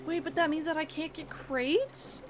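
Streamer woman, high voice, chatty gameplay talk over loud game music. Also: moderate pace. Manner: chatty, reads game dialogue aloud. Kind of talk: casual gameplay commentary. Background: background game music.

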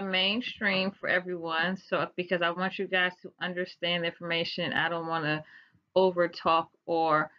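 A woman with a Washington DC accent giving a casual, slangy, playful science lecture to viewers as a chatty teacher. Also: fairly low pitch. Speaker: science vlogger teaching class. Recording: dull lo-fi recording.

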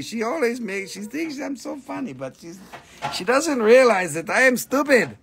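High-voiced joking man selling crystals live. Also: sing-song, moderate pace, vocal fry, a bit bright. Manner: joking, playful, breaks into silly voices. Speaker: live-stream crystal seller. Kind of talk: casual live sales stream.

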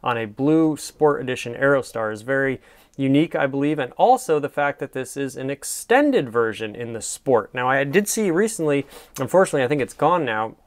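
A man's voice: mid-range voice, expressive, fairly quick. A man reviewing a car from photos in casual commentary, gushing and enthusiastic, wandering with many fillers.

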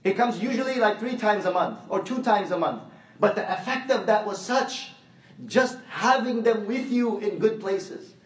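Telling stories and circling back to repeated phrases, a male preacher gives a conversational sermon at a moderate pace. His voice is high-pitched, picked up by a far-off microphone in a reverberant hall.

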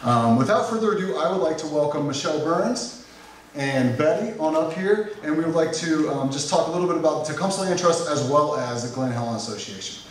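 A man hosting a live community poetry reading, welcoming the audience and thanking helpers in a relaxed, chatty way. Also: on the high side, brisk. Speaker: event host. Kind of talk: casual welcome and thank-yous at a live event. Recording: echoey hall from far off, noisy.

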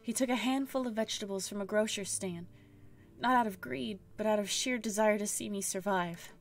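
A bitter young woman bent on revenge, voiced by a woman reading the game aloud. She sounds accusing and cold, at a plain middle pitch. Faint music plays under her. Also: brisk, natural voice.

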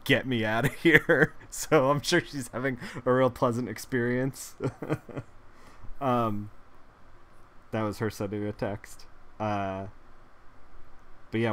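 A man on the low side of pitch, with a fairly bright tone, streams a digital painting session. He chats loosely, filling his rambling with fillers and chuckling at his own jokes.

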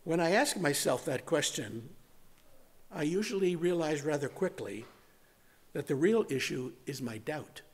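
A man with a rather high voice preaches a sermon as pastor. He swings between forceful emphasis and soft, almost whispered words. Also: expressive, unhurried, slightly rough. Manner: dramatic shifts from loud to hushed, near-whispered words.

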